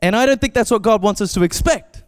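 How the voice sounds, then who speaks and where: A man preaching a casual, animated sermon as pastor, acting out voices when he tells a story. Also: high voice, fast talker, in a large hall. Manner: animated, acts out voices in anecdotes. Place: church.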